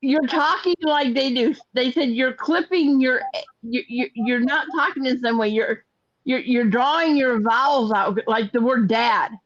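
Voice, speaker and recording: High-voiced older woman hosting a chat. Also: measured pace, no room sound, muffled recording. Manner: rambling, repeats words while telling a story. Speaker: host of a crochet chat livestream. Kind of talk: casual chat, storytelling.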